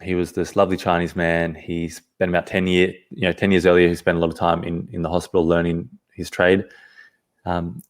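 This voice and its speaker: A man, a podcast guest, telling a personal story in an earnest, halting way, often restarting his phrases. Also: sits low.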